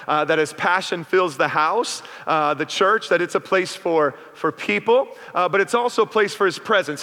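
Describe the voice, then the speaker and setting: A middle-aged male pastor with a high, bright, forceful voice preaches a sermon in a church sanctuary. He's chatty and keeps calling out to the congregation, and the hall around him is reverberant.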